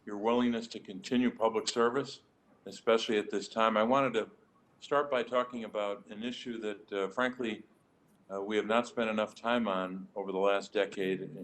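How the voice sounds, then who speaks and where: Low-voiced senator making emphatic remarks. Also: male voice, fairly bright tone. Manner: measured, emphatic speech-making. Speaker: senator questioning nominees. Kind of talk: prepared hearing remarks.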